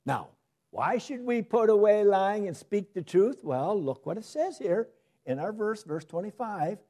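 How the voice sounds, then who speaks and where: A man preaching a sermon, shifting from loud emphasis to soft asides. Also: high-pitched, very animated, a little slow.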